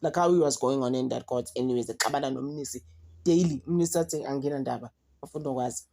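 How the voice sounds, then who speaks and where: Low-voiced outspoken South African woman. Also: quick pace. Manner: outspoken, exasperated, animated. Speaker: commentary vlogger. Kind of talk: casual commentary mixing English and Zulu.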